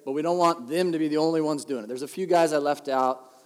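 Middle-aged male pastor, joking sermon delivery, fairly high voice, long hall reverb. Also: quick pace. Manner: conversational, joking, animated.

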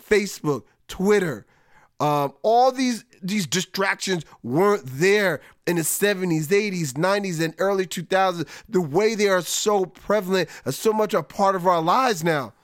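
Male sports-podcast host, high-pitched, dry recording, frustrated casual rant. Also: no room sound. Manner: frustrated, conversational, drags out words for emphasis.

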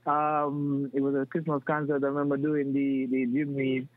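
A man's voice: medium pitch, normal speed, no echo. Man on a tinny line. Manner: animated, restarts often, breaks into impressions. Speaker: guest. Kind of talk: casual storytelling. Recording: dry, tinny phone-like sound.

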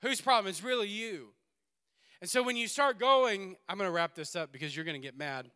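A man preaching a sermon in a church, swinging between loud exhortation and quiet asides and laughing often. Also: high voice, fairly quick, smooth. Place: church sanctuary.

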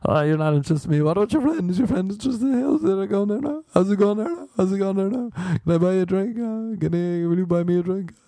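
Irish comic plays a pushy drunk bar guy: high, sing-song, leering. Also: animated, fast, few pauses, dark tone, dry recording, clean studio sound.

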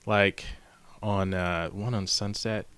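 A middle-aged man chatting on a podcast, his low voice bright and forward in a dry, close recording. He rambles through his stories and slips into acted-out quotes. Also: fairly even intonation, takes it slowly, smooth, no echo. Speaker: podcast co-host. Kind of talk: casual chat.

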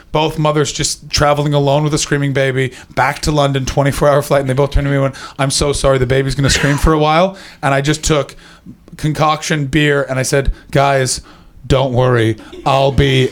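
A man doing a stand-up comedy set, chatting with the audience and shouting out the punchlines. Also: fairly high pitch. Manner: animated, shouting voices for punchlines. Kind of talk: stand-up set with crowd work.

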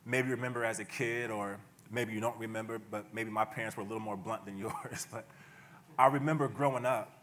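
A man preaching a sermon to his church in a relaxed, conversational way, often chuckling and slipping into playful asides. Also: on the low side, brisk. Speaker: pastor. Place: church sanctuary.

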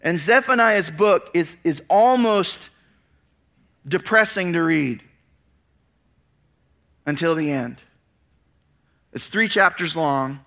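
Man, pastor, sermon, bright forceful voice, fairly high, casual storytelling between readings. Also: slow pace, vocal fry, long pauses. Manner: animated storytelling with casual asides; reads scripture aloud, then explains it. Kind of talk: expository sermon.

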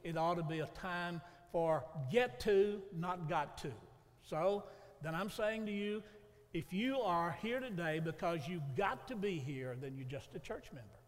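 High-voiced preacher in a hall. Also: male voice, expressive, measured pace. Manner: folksy storytelling preacher. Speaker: pastor. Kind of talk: sermon.

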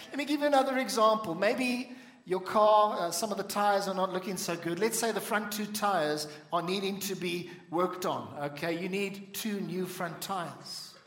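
A man preaching a sermon as pastor, animated, acting out little scenes and calling for amens. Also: high-pitched, roomy sound. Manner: animated preaching with voiced asides and congregation call-outs. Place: church.

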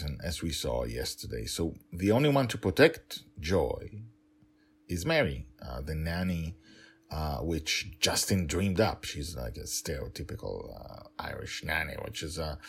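A man's voice: very deep voice, animated, unhurried, slightly rough. A man, an author, reading his own serial story aloud and chatting about it with some hesitation. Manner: hesitant with fillers in commentary. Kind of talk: storytelling with casual commentary.

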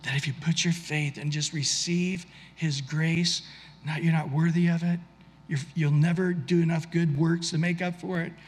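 A man's voice: fairly high pitch, level tone, moderate pace, husky, long reverb tail. A man preaching a sermon in an earnest, conversational way, often restarting his sentences. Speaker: pastor.

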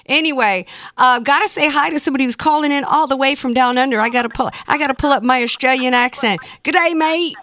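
A woman's voice: high voice, steady tone, fast talker, fairly bright tone. A woman hosting a conservative talk radio call-in show from a studio, speaking emphatically with sarcastic asides.

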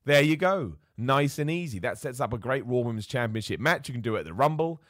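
A man's voice: medium pitch, animated, brisk, a bit bright, no echo. A man hosting a casual wrestling recap show, chatty and opinionated, talking close to the mic. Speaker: wrestling commentator host.

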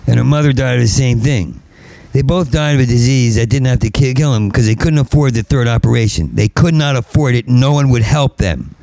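In a mid-range, creaky voice and a slightly fast delivery, a male stand-up comic rants profanely and meanders, stammering and repeating syllables before erupting into angry yelling. There is no room sound.

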